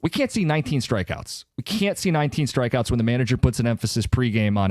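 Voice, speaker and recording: A man's voice: mid-range voice, big pitch swings, fast, few pauses, darkish tone, no room sound. Male sports radio host, emphatic and punchy, dry studio mic. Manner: emphatic, voice jumping up to punch points. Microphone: studio microphone.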